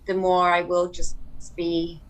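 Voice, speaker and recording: A woman's voice: fairly low pitch, completely flat delivery, unhurried, rough recording. A woman talking as a podcast guest in casual chat, hesitant and earnest, restarting her sentences often.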